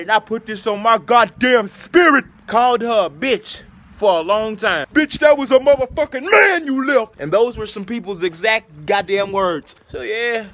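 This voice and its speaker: A young man vlogging a comedic storytime, heavy on cursing and acting out his own inner voice in animated asides. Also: sits high. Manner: profane, animated, talks to himself in quoted asides.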